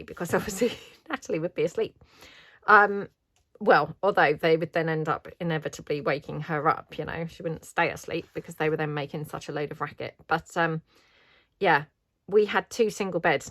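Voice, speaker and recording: A woman's voice: on the low side, fairly bright tone, no room sound. A middle-aged British woman chatting casually while she crafts, rambling and self-deprecating. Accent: British English. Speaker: craft vlogger.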